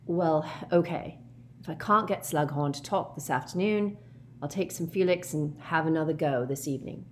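A woman's voice: sits low, a little hiss or hum, natural voice. A woman voicing an earnest, intense teenage schoolboy in a storybook reading. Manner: earnest, quick.

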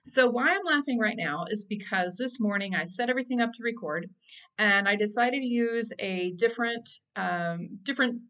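A woman's voice: mid-range voice, a bit bright. A woman hosting her own podcast, talking casually with lots of fillers and restarts and laughing at herself. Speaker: podcast host. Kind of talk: casual solo podcast monologue.

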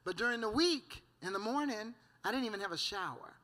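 A woman's voice: mid-range voice, lively intonation, brisk, a bit bright. A woman giving a preached church testimony, fervent and storytelling, breaking in with amen and hallelujah and often laughing.

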